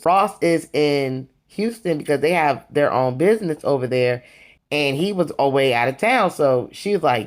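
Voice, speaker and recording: A reviewer recapping a reality show in casual gossip style, chatty and sassy, calling viewers "you guys" and "honey.". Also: moderate pace. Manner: lively, swings between excited highs and low asides.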